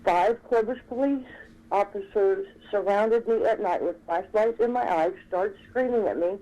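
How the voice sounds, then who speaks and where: A woman in her fifties calling in to a talk show, speaking haltingly with stumbles. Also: mid-range voice, mellow. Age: 50s. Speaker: caller. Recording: muffled phone line.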